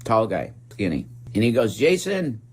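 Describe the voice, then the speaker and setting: Give me a man with a slightly low voice, telling a dramatic story in earnest. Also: big pitch swings, moderate pace. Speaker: vlogger. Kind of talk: casual storytelling vlog.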